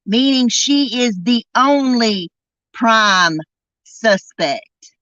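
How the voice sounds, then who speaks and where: A woman hosting a true crime podcast, delivering an indignant, emphatic monologue and drawing out key words slowly. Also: on the high side, expressive, a bit bright, no echo, highs cut off. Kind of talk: angry commentary monologue.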